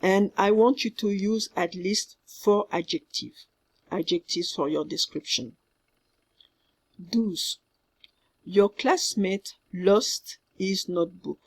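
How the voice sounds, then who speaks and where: Slow husky woman with a French accent. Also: mid-range voice. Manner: slow, careful, repeats herself, mixes in French words. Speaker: French teacher. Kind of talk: recorded class instructions.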